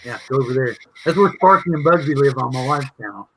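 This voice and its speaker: A man's voice: mid-range voice, animated, quick pace, fairly bright tone, husky. A man with a Southern drawl hosting a live drone chat stream, rambling, joking and reading the chat aloud. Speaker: podcast host.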